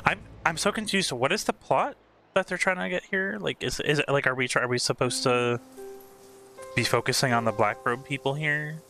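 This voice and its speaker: A young man streaming a game, reacting out loud, excitable and swearing a lot as he talks to the screen. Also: medium pitch, normal speed, faint music behind. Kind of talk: casual reaction commentary. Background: game soundtrack and game dialogue.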